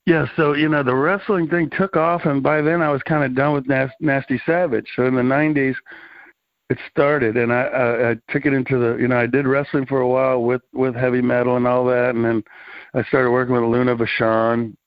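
A middle-aged man tells loose, rambling stories in a relaxed interview, leaning on fillers and easy slang. His voice sits at an ordinary pitch. The recording is dry and a little dull, like lo-fi audio. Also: brisk, dry recording. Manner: rambling, laid-back, full of fillers and slang. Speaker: interview guest, former wrestling promoter. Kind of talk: casual storytelling interview. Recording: slightly dull, dry lo-fi sound.

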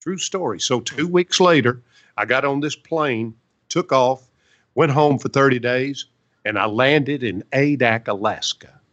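A man's voice: mid-range voice, measured pace, a bit bright, lo-fi sound. A man in his seventies, a veteran and songwriter, telling stories in a folksy, chatty way during an interview. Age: 70s. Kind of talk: casual storytelling interview.

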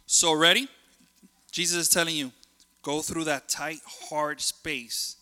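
Male preacher, conversational sermon, slightly high voice, reverberant hall. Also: moderate pace, smooth. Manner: animated, conversational, jumps between stories.

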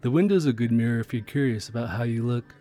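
A friendly, chatty train conductor, played by a man in an audio role-play, who sounds curious and is quick to get excited. His voice is at a middle pitch. Soft music plays faintly behind him. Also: close to an everyday voice.

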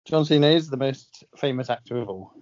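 A man's voice: mid-range voice, a little fast, highs cut off. A man co-hosting a podcast in casual chat, blunt and dryly teasing. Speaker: podcast co-host.

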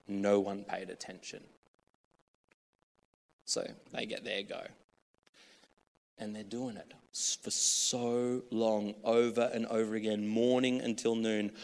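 A man's voice: on the low side, a little mellow, long reverb tail. A man preaching a sermon in a casual, joking, chatty way.

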